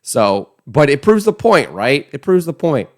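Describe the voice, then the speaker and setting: A man's voice: a little high, big pitch swings, measured pace. A man hosting an online political commentary show, talking in a scornful, emphatic, conversational way.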